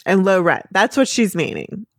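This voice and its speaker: A woman co-host chats casually and giggles as she recaps a cartoon episode. Her pitch moves a lot, and the sound is dry and close. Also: normal speed, no echo. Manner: animated and giggly. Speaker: podcast co-host.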